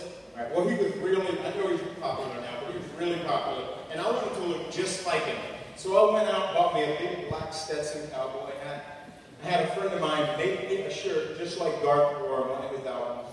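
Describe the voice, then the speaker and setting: A middle-aged man gives a humorous, animated storytelling speech to students and acts out the people he quotes. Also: on the high side, slight background noise. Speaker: guest speaker. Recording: echoey hall from far off.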